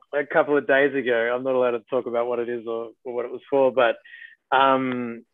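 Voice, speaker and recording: A man's voice: mid-range voice, level tone, brisk, dry recording. A man with an Australian accent, an actor chatting as a guest in a casual interview, rambling with fillers and restarts. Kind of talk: casual video-call interview. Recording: tinny phone-like call audio, dry.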